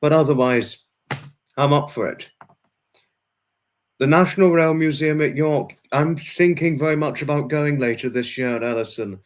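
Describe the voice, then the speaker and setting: A man's voice: on the high side, moderate pace. A man hosting a casual livestream, answering viewers' chat one by one and repeating himself a lot, with many fillers and restarts. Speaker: livestream host reading chat.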